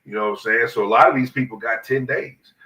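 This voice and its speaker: A man's voice: mid-range voice, quick pace, sharp tone, roomy sound, far from the mic, low-quality recording. Laid-back man with stuffy sinuses. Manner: laid-back slang-heavy banter, "you know what I'm saying". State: congested from sinuses. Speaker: podcast co-host. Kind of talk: casual chat.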